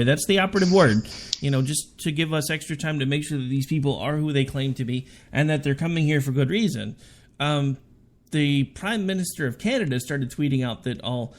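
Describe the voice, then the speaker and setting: A man's voice: mid-range voice, vocal fry. A man co-hosting a radio talk show, arguing his political views in a sarcastic, argumentative way. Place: radio studio.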